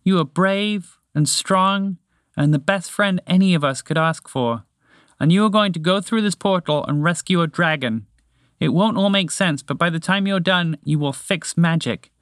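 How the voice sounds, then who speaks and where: A man voicing a small, brave, tearful male mouse in a read-aloud story, speaking high and pleading. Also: normal speed, a bit bright, dry recording, clean studio sound, natural voice. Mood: earnest.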